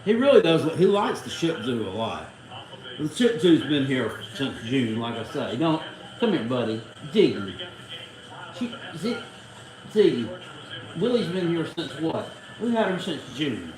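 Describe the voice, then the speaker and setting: A man's voice: fairly high pitch, sing-song, unhurried, reverberant, background noise. Salty man rambling on a stream. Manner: rambling, salty, cusses freely. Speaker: livestream host. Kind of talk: casual watchalong chat.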